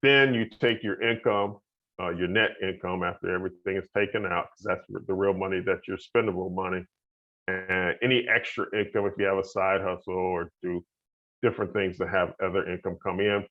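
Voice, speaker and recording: A man's voice: sits low, steady tone, moderate pace. A man giving a home buyer presentation as a loan officer, talking in a casual, folksy way with fillers and the odd chuckle. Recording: dull lo-fi audio.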